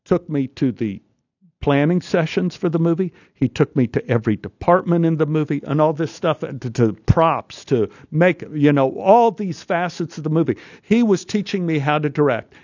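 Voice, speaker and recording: A male actor guest telling an animated anecdote in a studio interview, stammering, restarting and acting out voices. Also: a little high, normal speed, dry recording, highs cut off. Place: radio studio.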